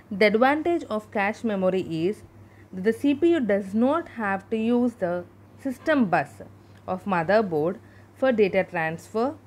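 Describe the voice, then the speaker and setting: A woman's voice: medium pitch, darkish tone. Woman teacher, mid-range voice, patient lecture that spells out every abbreviation. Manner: explains terms slowly, spells out abbreviations. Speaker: school teacher. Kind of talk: classroom lecture over slides.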